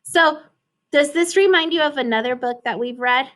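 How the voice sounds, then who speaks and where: Animated woman reading to kids. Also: sits high, normal speed. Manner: animated, questioning, giggly. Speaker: teacher reading to children. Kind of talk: storybook read-aloud with commentary.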